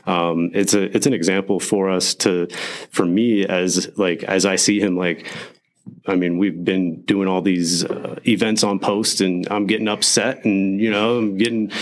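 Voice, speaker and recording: A man co-hosting a casual faith podcast, telling stories animatedly and acting out what others said. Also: lowish voice. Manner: animated storytelling, acts out quotes.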